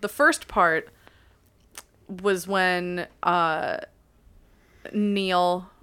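A woman's voice: on the low side, fairly even intonation, drawn-out words, fairly bright tone, smooth. A woman in her twenties, chatty and laughing easily as she shares her take in a casual podcast chat. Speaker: podcast co-host.

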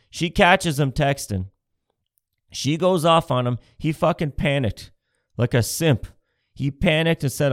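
A man's voice: mid-range voice, moderate pace, no room sound, studio quality. A man from Canada doing a profane, sarcastic comedic rant, mocking the people he talks about.

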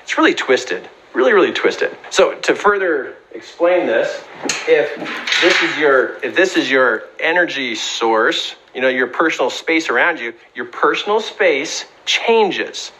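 Middle-aged man, motivational talk, earnest and emphatic, bright tone, animated delivery. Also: fairly high pitch, unhurried, rough recording. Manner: earnest, emphatic, acts out quoted voices. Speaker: speaker giving advice on bullying.

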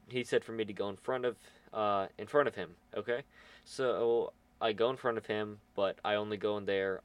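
A teenage boy chatting casually, telling a school story in a rambling way with many fillers. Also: on the low side. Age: teens. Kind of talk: casual chat.

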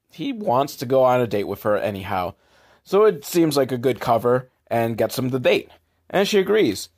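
Comedic podcast host, male, sarcastic and crude, lively intonation, pops into silly character voices. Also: medium pitch. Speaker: podcast host recapping a film. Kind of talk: comedic movie recap.

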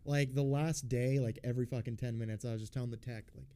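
A man hosting a podcast, telling a personal story in a casual, blunt and rambling way, swearing constantly and filling pauses with ums and uhs. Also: medium pitch, fairly even intonation, mellow, clear, resonant tone. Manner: profane, blunt and rambling, with frequent fillers. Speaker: podcast host.

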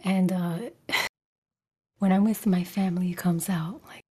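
A woman from Brooklyn with a softened New York accent, a guest talking in a whispered role-play style on an ASMR podcast. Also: fairly low pitch, level tone, a little slow, breathy edge. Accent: neutralized New York. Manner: soft whispered chat with frequent laughs.

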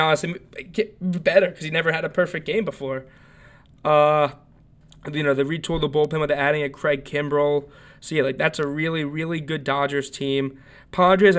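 A man's voice: on the high side, a bit bright, clear, resonant tone. A man hosting a solo sports podcast, talking casually and rambling with many fillers and restarts. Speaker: podcast host.

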